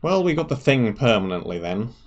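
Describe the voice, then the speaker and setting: A man's voice: medium pitch, very animated, brisk, highs cut off. A man streaming a game live, reading quest text aloud and making dry, wry asides as he plays. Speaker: gaming streamer.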